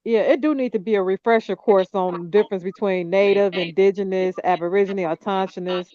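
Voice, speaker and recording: A woman's voice: mid-range voice, fairly even intonation, brisk. A woman in casual chat, exasperated and cursing, often laughing. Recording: dull lo-fi dry sound.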